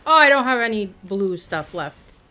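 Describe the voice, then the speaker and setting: A woman's voice: mid-range voice, big pitch swings, normal speed, pushed and bright. Woman streamer muttering through gameplay. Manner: muttered reactions and casual swearing. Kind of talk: live gameplay commentary.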